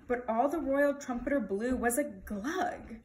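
A woman reading a children's picture book aloud in an expressive, lively storytelling manner. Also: fairly high pitch, measured pace, a little hiss or hum, poor audio.

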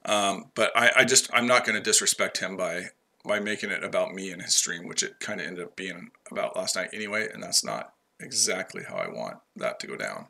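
A man's voice: low-pitched, animated, a little fast, vocal fry, bright, forceful tone. A man hosting a trading livestream, brash and profane, chatting to viewers by name and trash-talking rivals. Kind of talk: casual livestream chat.

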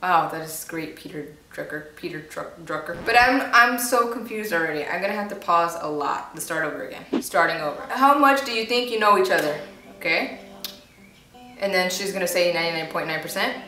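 A woman's voice: on the low side, animated, fairly quick, noisy background. A woman hosting a reaction video at home, chatting playfully and talking back at the screen. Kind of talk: casual reaction commentary. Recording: roomy echo, distant from mic, faint music.

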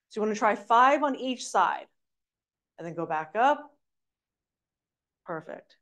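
A woman's voice: medium pitch, animated, unhurried, long pauses, fairly bright tone. A woman teaching an online exercise class, giving encouraging step-by-step instructions as she demonstrates, a little out of breath. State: slightly out of breath. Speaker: fitness instructor.

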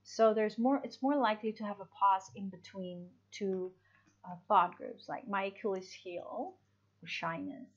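A woman's voice: mid-range voice, steady tone, measured pace. A woman teaching an English lesson, explaining step by step and checking in with her students. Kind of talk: online class lesson. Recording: dull lo-fi audio.

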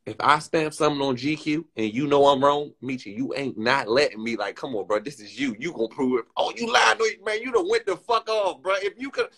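A young man streaming casual chat, excitable and teasing, laughing often and using crude slang. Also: a little high, a little fast, hardly any pauses.

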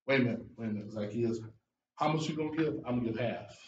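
A man preaching a sermon as a guest preacher, with lively delivery that rises to shouts and drops low for emphasis. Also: quick pace, lo-fi sound, slight background noise. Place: church sanctuary. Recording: echoey church room from far off.

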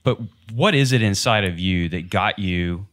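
A Texan man hosting a podcast, asking his guest measured questions in a deliberate way. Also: low-pitched, a bit bright. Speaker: podcast host, lawyer. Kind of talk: interview questions.

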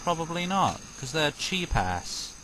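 A British man rambles through a let's-play in a fairly high, lively voice, cracking jokes and yelping whenever something startles him. He talks slowly and unhurriedly, and loud game sound plays beneath every line. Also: noisy background. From Britain. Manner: jokey, rambling, sudden startled yelps. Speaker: game commentator. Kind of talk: casual let's-play commentary. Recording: loud game audio over the voice.

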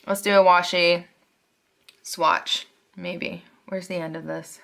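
A woman chatting casually to viewers at her desk at home while unboxing planner supplies, gushing and excitable with chatty asides. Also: lowish voice, a little slow.

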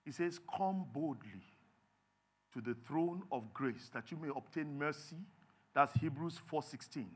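A Nigerian man preaching a sermon as pastor, animated and acting out little scenes. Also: fairly high pitch, unhurried, husky. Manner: animated, acts out little scenes in others' voices. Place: church.

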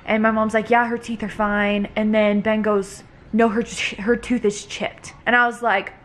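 A woman's voice: mid-range voice, level tone, moderate pace. A young woman vlogging at home, casually telling a family story with lots of "like" and acted-out quotes. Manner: chatty, lots of "like", acts out quotes. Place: home, indoors with toddler.

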